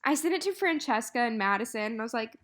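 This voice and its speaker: A woman's voice: on the high side, fast talker. A young woman with a North Carolina accent, chatting animatedly as a podcast co-host and telling stories about her week. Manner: chatty, animated storytelling with frequent laughs. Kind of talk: casual chat.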